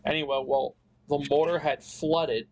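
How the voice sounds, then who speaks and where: A man's voice: on the high side, steady tone, measured pace, a little mellow, low-quality recording. Rambling, profane man telling a story. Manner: rambling, profane, frequent restarts. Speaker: podcast guest. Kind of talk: casual storytelling.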